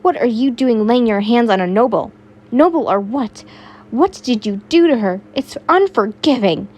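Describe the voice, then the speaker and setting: A woman's voice: fairly high pitch, expressive, normal speed, a little mellow, lo-fi sound. Brief: loyal earnest young scholar, storybook reading, read by a woman in her own voice.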